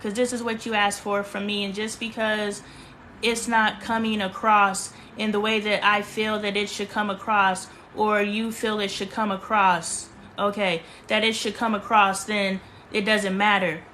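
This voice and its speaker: A woman's voice: medium pitch, flat delivery, a little slow, bright, forceful tone, slight background noise. A woman hosting a casual livestream from her bedroom, talking emphatically and preaching, often repeating herself. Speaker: livestream host.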